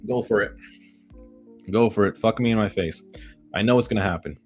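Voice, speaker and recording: A man's voice: on the low side, brisk, soft background music. A man giving live commentary on his day trades, ranting at the market with heavy profanity and sarcastic self-mockery.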